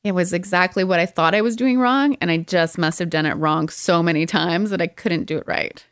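Young adult woman, podcast co-host, animated storytelling, dry close sound. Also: on the low side, brisk, clear, resonant tone, no echo. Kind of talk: casual podcast chat.

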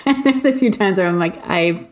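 A woman's voice: mid-range voice, fast talker, a little mellow. A woman co-hosting a casual chat, telling a rambling story and laughing often.

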